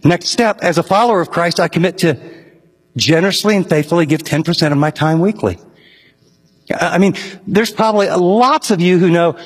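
A man's voice: on the high side, expressive, moderate pace, breathy edge. A man preaching a sermon as a pastor, earnest and emphatic, building to urgent rising questions, in a church hall. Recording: echoey hall reverb.

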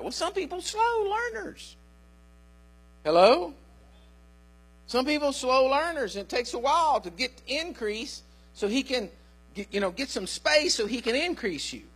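A man's voice: very high voice, a bit bright, breathy edge. An older man, a pastor, preaching a sermon in a folksy storytelling way and calling out to his listeners.

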